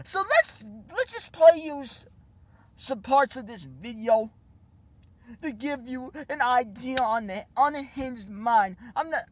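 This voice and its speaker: A man's voice: extremely high pitch, dry recording. A young man ranting in a sarcastic, scornful vlog commentary full of casual slang. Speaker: vlogger. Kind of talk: mocking commentary rant.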